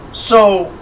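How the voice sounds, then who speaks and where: Slow-talking man running a horror game. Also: high-pitched, distant mic, slight background noise, rough recording. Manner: unhurried narration with frequent fillers. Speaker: game master. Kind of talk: narrating a tabletop horror game.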